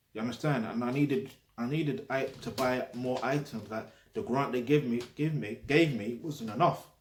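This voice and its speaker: A man with a London accent speaks bluntly and emphatically, checking in with his listener and swearing for emphasis. His voice sits at an ordinary middle pitch. The room around him rings with a noticeable echo. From London, England. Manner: blunt, emphatic, peppered with tag questions and swearing. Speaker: vlogger. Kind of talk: casual direct-to-camera talk. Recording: roomy echo.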